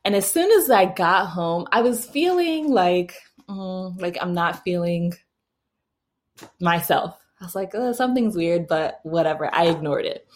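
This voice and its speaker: A young adult mother tells her birth story in a chatty, casual way, laughing often and full of fillers and restarts. Her voice is fairly low with lively intonation, and she talks a little slowly.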